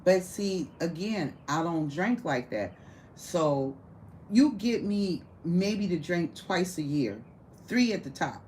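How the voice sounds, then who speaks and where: A woman's voice: on the low side, expressive, takes it slowly, darkish tone, a little hiss or hum, poor audio. A woman telling a rowdy, profane story in casual conversation, often breaking into laughter. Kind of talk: casual storytelling to a small audience.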